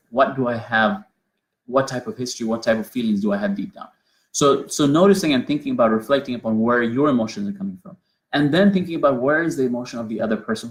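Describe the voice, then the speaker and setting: A man teaching a mindfulness lesson, earnest and explaining step by step, often restarting and repeating his phrases. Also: mid-range voice.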